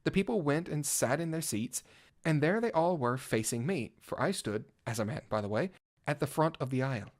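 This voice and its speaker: A man's voice: fairly high pitch, animated, moderate pace, close to an everyday voice. A man playing a vain, theatrical cat-knight bard. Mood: wry. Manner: flowery old-fashioned speech; theatrical, swinging from pompous to flustered. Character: vain gallant male cat-knight bard, grandly dramatic. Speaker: narrator. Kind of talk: first-person fan audio drama reading.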